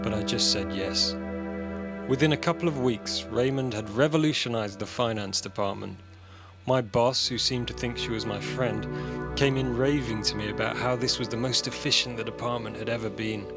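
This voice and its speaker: A man's voice: mid-range voice, normal speed. A man reading a personal short story aloud in a dry, matter-of-fact way. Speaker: story reader. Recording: music bed under voice.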